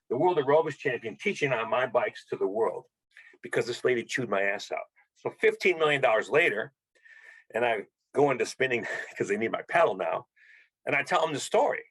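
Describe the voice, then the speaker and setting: A middle-aged man telling animated stories as an interview guest, acting out the dialogue. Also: medium pitch, slightly rough, poor audio. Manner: animated storyteller, acts out dialogue. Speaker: podcast guest, bike fitter. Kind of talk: storytelling interview.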